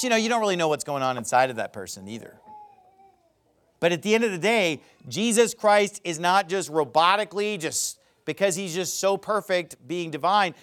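A man preaching a sermon, speaking emphatically and rising into loud dramatic quotations of scripture. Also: high-pitched.

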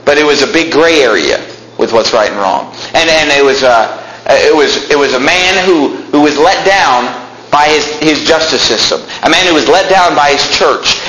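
A man's voice: fairly high pitch, lively intonation, moderate pace, background noise. Young man preaching in an echoey room. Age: young adult. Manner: reads scripture then explains it in plain talk, rising to fervent emphasis. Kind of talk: sermon. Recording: echoey room with faint ambience.

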